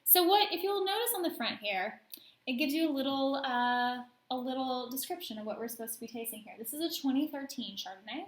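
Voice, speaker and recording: A woman's voice: high voice, animated, brisk. A woman co-hosting a casual wine review, chatty and playful, reading label notes aloud. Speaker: co-host. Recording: echoey room.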